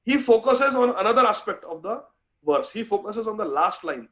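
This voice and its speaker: A man giving a devotional scripture lecture, chanting verses slowly and speaking with fervent emphasis. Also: sits high, animated, a bit bright. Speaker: speaker in a scripture class series. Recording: dull lo-fi recording.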